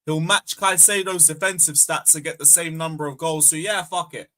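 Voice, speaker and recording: A young man hosting a fan livestream, bantering loudly, swearing and taunting viewers. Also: a little high, fairly even intonation, normal speed. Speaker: fan channel host. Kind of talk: casual livestream chat.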